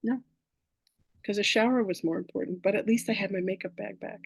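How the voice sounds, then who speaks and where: A woman hosting a spiritual workshop, talking casually with affection and telling stories in an animated way. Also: mid-range voice, fairly quick, vocal fry, slightly rough, no room sound. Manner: affectionate, animated storyteller who greets people warmly.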